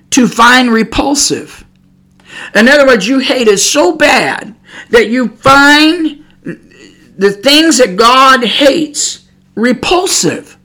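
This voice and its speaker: High, bright-voiced preaching man. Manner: rambling, stumbles over words, rising to shouts for emphasis. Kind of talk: informal Bible teaching.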